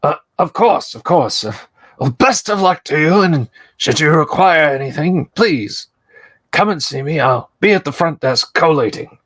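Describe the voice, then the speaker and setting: A man's voice: a little high, animated, measured pace, fairly bright tone, pitched above the performer's own voice. A man voicing a polite, slightly flustered front-desk clerk in a tabletop game. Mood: courteous.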